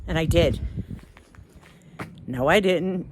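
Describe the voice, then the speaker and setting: A middle-aged woman vlogger telling a story on a walk outdoors, animated and self-mocking, laughing often. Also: on the low side, slow pace.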